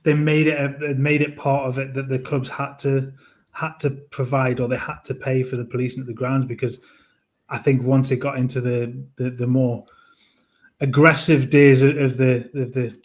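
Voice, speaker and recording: A man co-hosting a fan podcast, speaking haltingly with repeated words. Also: medium pitch, little pitch movement. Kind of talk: casual podcast chat.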